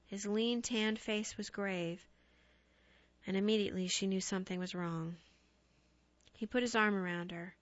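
A woman narrating ghost stories as an audiobook in a measured, expressive storytelling voice. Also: medium pitch, dry recording. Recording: dry, slightly dull recording.

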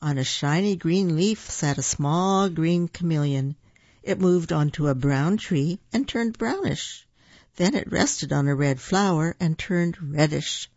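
A gravelly, gentle voice reading children's picture books aloud with plenty of expression. The sound is close and dry, with no room at all. The recording itself is dull and lo-fi. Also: medium pitch, no echo. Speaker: storybook reader.

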